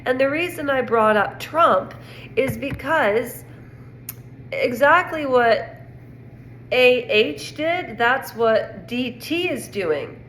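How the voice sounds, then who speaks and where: A woman's voice: high-pitched, lively intonation, slow, a bit bright. A woman from Canada giving a rambling, indignant casual opinion monologue on pop culture. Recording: echoey room with faint noise.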